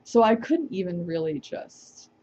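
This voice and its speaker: A woman's voice: mid-range voice, very animated, measured pace, mellow, muffled recording, slight background noise. A woman vlogger telling a personal story to the camera, reflective and hesitant, with small laughs.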